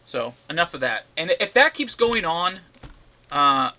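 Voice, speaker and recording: A man's voice: a little high, very animated, a little slow, bright, forceful tone. A man rambling casually in a comic book vlog, ranting and swearing as he shows his new pickups. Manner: ranting, profane, repeats himself.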